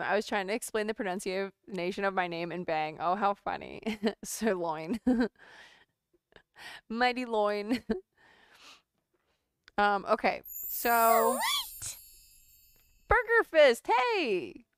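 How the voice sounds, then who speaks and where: Woman host of a sewing livestream, unhurried, smooth and bouncy in pitch, close and dry. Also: fairly bright tone, no room sound. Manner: chatty, laughs often, reads chat aloud. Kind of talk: casual livestream chat.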